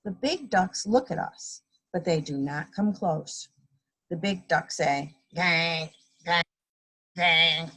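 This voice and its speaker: A woman's voice: lowish voice, expressive, slow pace, darkish tone, slightly rough. A woman reading a children's picture book aloud on a video call, voicing the book's sound effects expressively. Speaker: guest story reader.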